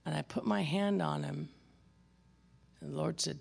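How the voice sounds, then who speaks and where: Gravelly pastor preaching a sermon. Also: mid-range voice, unhurried. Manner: emphatic preaching, swinging between loud exhortation and quiet storytelling; addresses congregation members by name, with wry asides.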